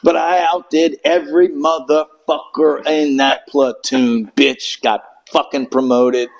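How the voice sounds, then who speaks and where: Speaking slowly in a creaky, rather high voice with fairly even intonation, this middle-aged Marine veteran guest spins a profane, meandering story in casual chat. He performs quoted lines in raised voices. The recording is rough.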